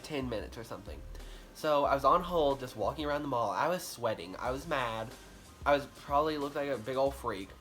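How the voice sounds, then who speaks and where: A man tells a personal storytime vlog in an animated, rambling way. His pitch sits in an ordinary middle range. He stacks up likes and ums, and faint music plays under his voice. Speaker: vlogger. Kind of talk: casual storytime monologue.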